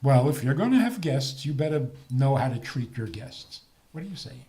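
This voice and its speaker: A man's voice: medium pitch, normal speed. An older man, a rabbi, giving a talk on faith with jokes and rhetorical questions. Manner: animated, joking, rhetorical questions.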